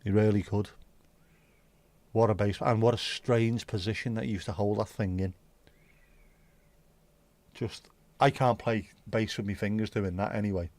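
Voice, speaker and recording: A man's voice: lowish voice, steady tone, moderate pace, pauses often, darkish tone, dry recording. Chatty man, rambling. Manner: rambling, chatty, sweary asides. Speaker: livestream host. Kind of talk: casual solo livestream chat. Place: home.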